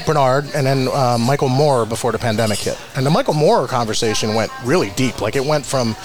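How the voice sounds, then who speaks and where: A man's voice: a little fast, music in the background. A middle-aged man from New Jersey, a guest telling stories in a casual interview, acting out quotes with big jumps in his voice. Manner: animated storyteller, acts out quotes with big pitch jumps. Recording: noisy room recording.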